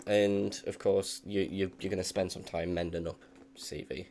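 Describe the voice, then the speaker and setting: A young man narrating as dungeon master, relaxed and hesitant, with many filler pauses. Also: low-pitched, slight background noise. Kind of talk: narrating a tabletop game.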